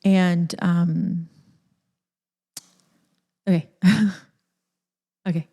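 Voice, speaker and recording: Mellow-voiced young woman, candid confession. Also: lowish voice, fairly even intonation, drawn-out words. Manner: candid and emotional, lots of "like" fillers. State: nervous, close to tears. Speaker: podcast host. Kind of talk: confessional personal storytelling.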